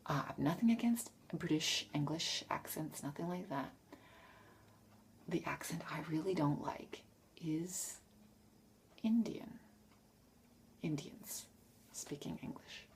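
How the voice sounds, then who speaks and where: Low, gravelly woman vlogger. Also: takes it slowly, long pauses, in a whisper. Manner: frank, self-correcting, trails off. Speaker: vlogger answering tag questions. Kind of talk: casual rambling monologue.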